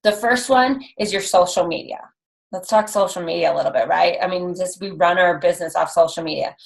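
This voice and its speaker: A woman's voice: lowish voice, a little fast, gravelly, low-quality recording. Chatty upbeat young woman coach. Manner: chatty, upbeat, lots of likes and ums. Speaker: coach trainer. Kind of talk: motivational call to a sales team.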